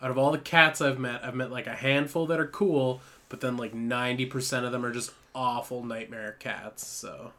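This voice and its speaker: A man's voice: medium pitch, fairly even intonation, normal speed, few pauses, pushed and bright. A man co-hosting a podcast in casual chat, rambling and swearing freely. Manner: laid-back, rambling, swears. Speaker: podcast co-host.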